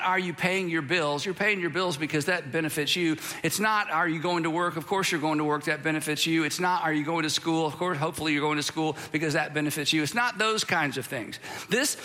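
High, bright-voiced pastor preaching in a hall. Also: male voice. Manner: conversational, self-deprecating, emphatic repetition. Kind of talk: sermon. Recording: long hall reverb.

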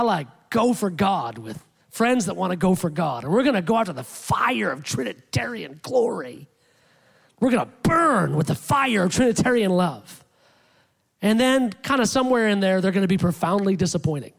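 A man preaching a sermon in a lively, animated way, acting out quotes with rising pitch. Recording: long hall reverb.

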